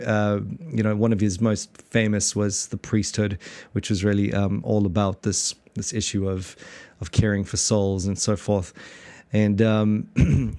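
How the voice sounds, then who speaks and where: A podcast co-host with a South African accent rambles through a casual chat about church history, restarting often and laughing frequently. His voice is on the low side with a darkish tone, and there's no room sound.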